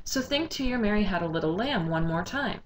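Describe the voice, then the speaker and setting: A woman giving a recorded music lesson, explaining rhythm and tempo step by step in a clear, patient teaching manner. Her voice sits at a middle pitch for a woman. A faint hiss runs under the recording. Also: expressive, brisk, poor audio. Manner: explanatory, sings short demonstration phrases.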